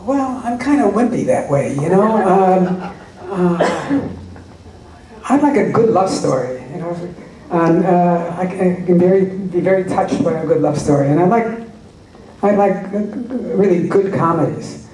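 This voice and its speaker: Recorded from far off in the audience of a large, echoey convention hall, a panel guest at a fan convention fields questions and tells wry stories. His voice is high with lively intonation and a measured pace, and a crowd can be heard behind him.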